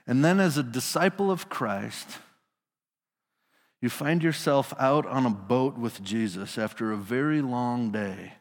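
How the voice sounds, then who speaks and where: A man's voice: mid-range voice, in a large hall. A male pastor preaching a sermon in a casual storytelling manner, putting his listeners into the scene.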